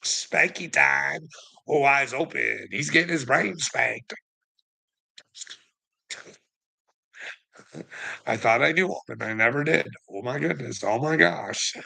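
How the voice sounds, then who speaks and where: A man's voice: mid-range voice, takes it slowly, gravelly, long pauses, pushed and bright, breathy edge. A man ranting profanely at someone, mocking and angry, with laughs between lines. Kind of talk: ranting livestream talk.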